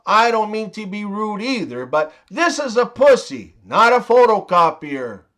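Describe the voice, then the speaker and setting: A man voicing a quick-witted young daughter-in-law firing back. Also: high-pitched, sing-song, fairly bright tone, full character voice. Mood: retorting. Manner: cutting comeback.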